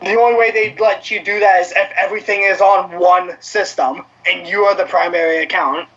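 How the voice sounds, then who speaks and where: Co-host type: a high-voiced man with a sharp, bright tone, chatty and profane, recorded lo-fi. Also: fairly quick. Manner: animated, profane, shouts in bits. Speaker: podcast co-host. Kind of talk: casual gaming chat. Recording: dull lo-fi audio.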